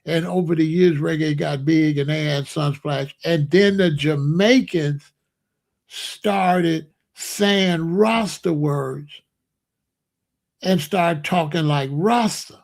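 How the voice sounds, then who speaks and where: A man's voice: on the high side, slow, gravelly. A man hosting a livestream, answering chat and lecturing insistently, repeating his points. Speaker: streamer host.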